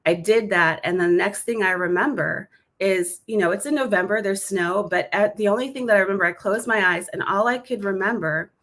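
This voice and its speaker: Speaking at a mid-range pitch, this Alaskan woman is a guest on a podcast. She tells her personal testimony briskly and with energy, performing the different voices as she goes.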